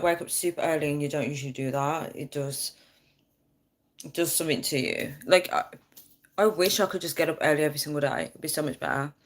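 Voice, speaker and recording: A woman from the UK chatting casually on a livestream. She talks through her phone, answers viewer comments and laughs often. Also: low voice. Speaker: livestream host. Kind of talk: casual live chat with viewers.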